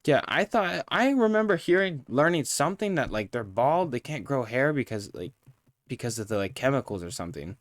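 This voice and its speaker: A man's voice: mid-range voice, sing-song, brisk, no echo, clean studio sound. A man streaming live, ranting in a profane, heated, rambling way while reviewing a show.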